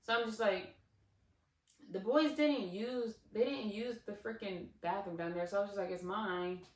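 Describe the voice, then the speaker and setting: A woman in her twenties telling a casual storytime on her channel, animated and digressive, with lots of fillers and asides. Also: medium pitch, moderate pace. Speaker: vlogger. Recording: roomy, slightly distant mic.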